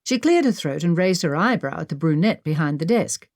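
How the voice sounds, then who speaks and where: A woman narrating a mystery audiobook with expressive storytelling. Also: sits low, fairly quick, no echo, studio quality. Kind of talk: scripted narration.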